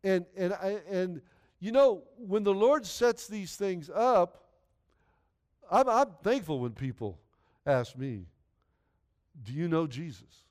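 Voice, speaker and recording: Smooth-voiced man preaching earnestly. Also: high-pitched, expressive, slow, darkish tone. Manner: earnest, repetitive, conversational preaching. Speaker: pastor. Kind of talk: sermon.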